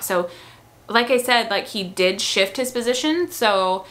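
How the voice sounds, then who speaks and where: Bright-voiced woman chatting casually. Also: a little high, animated, measured pace. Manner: chatty, with frequent "um" and "like". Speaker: mother telling her birth story. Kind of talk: casual storytelling to camera.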